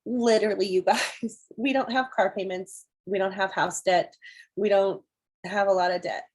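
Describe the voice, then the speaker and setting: Husky-voiced chatty woman. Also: medium pitch, normal speed, rough recording. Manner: chatty and excitable, acts out her own reactions. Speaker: team member giving a testimony. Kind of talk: casual testimony on a video call. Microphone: video call.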